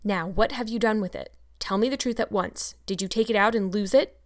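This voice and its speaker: A woman's voice: medium pitch, brisk, close to an everyday voice. A woman reading aloud and voicing a stern, strict older spinster in a storybook. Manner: stern, sharp.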